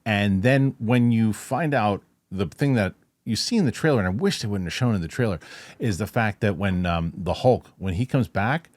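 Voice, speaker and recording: A man's voice: on the low side, expressive, moderate pace, darkish tone, no echo. A man hosting a casual film review chat, rambling with restarts and acting out movie lines. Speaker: host.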